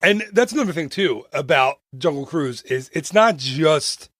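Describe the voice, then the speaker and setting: A man's voice: fairly high pitch, expressive, unhurried, fairly bright tone, no echo, studio quality. A man co-hosting a podcast, chatting casually in a playful, teasing way, coughing now and then. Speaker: podcast co-host. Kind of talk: casual chat.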